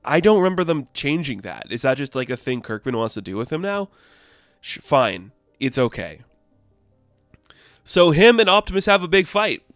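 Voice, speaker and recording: A man's voice: fairly high pitch, sing-song, moderate pace, a bit bright, no echo, clean studio sound, soft background music. A man giving a casual, opinionated comic book review, rambling with lots of fillers.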